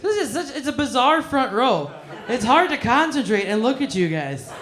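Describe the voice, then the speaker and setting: Her voice is fairly high and fairly bright, swinging widely in pitch at a normal speed. She's doing stand-up in a comedy club, bantering crudely and teasingly with people in the front row while the room echoes.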